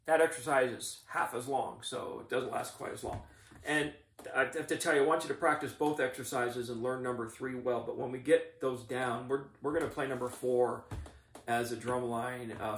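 A middle-aged man teaching drumline warm-ups, explaining each exercise in a methodical, encouraging coaching manner. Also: medium pitch, fairly even intonation, normal speed. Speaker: drumline instructor. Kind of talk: instructional demonstration. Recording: echoey room, mic at a distance.

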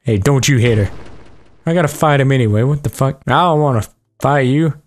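A man hosting a let's play, talking over the game with a joking, foul-mouthed running commentary. His voice sits at an ordinary middle pitch, and he reacts aloud to each moment in an offhand way. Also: brisk. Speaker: gaming video host.

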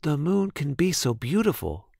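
A man's voice: medium pitch, wildly swooping pitch, moderate pace, fairly bright tone, no room sound, studio quality, heavily acted. A man reading a storybook aloud, voicing a shy, gangly young male giraffe who speaks timidly. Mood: sad, soft.

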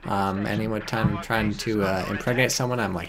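A male game streamer with a lowish voice gives loose, rambling commentary over a match. He is profane and sardonic, drifts between asides and reads viewers' chat messages aloud. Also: steady tone, normal speed, a crowd in the background. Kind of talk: casual live-stream commentary.

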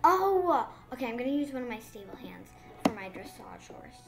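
A woman giving excited, casual commentary on her game, gushing and babbling breathlessly into a phone mic. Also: on the high side, moderate pace, vocal fry, over loud music. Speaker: gaming vlogger.

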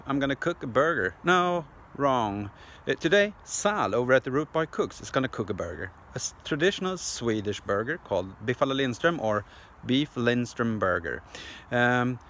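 A man's voice: mid-range voice, fairly bright tone, slight background noise. A man hosting his own cooking channel, speaking in a dry, matter-of-fact way. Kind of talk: casual vlog talk.

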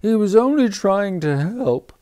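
A man's voice: on the low side, expressive, measured pace, creaky, dark tone. A man voicing a fretful storybook cat that storms, scoffs and wails. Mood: wailing. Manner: wailing, weepy.

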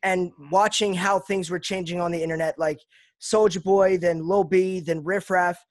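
In this casual interview, the guest is a high-voiced rapper from Lancaster, Pennsylvania, keeping a steady tone and normal pace with no echo. He comes across as earnest, reflective and self-deprecating.

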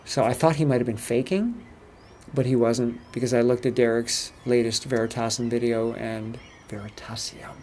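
An American man talking casually to camera as a travel vlogger, chatty and relaxed. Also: mid-range voice, moderate pace, a little hiss or hum. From United States. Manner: relaxed, chatty storytelling with laughs. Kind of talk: casual vlog commentary.

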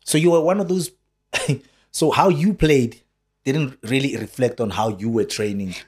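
A man's voice: mid-range voice, normal speed, darkish tone, slightly rough. A South African man hosting an interview, eager and chatty, finishing his guest's sentences and prompting him with questions. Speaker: podcast host. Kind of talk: casual interview chat.

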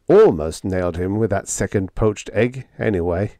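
A man reading a humorous story aloud, with a lively, playful first-person telling. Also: low-pitched, normal speed, no room sound, clean studio sound. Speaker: audiobook narrator.

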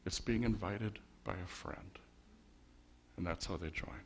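In a church sanctuary, a male pastor preaches in a low, unhurried voice, with slight background noise audible. His sermon is wry and conversational, and he engages the congregation through rhetorical questions.

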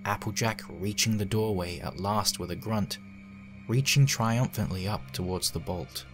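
Low male horror reader, hushed, faint music underneath. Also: a little slow. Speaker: fanfic reader. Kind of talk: dramatic horror narration.

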